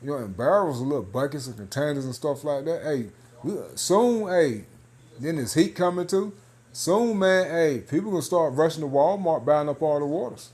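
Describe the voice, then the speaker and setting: A man's voice: a little high, lively intonation, normal speed, darkish tone, slightly rough. A man in casual commentary, reading news aloud and talking loosely, half-joking, with laughs and lots of 'man' and 'hey'. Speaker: religious video commentator.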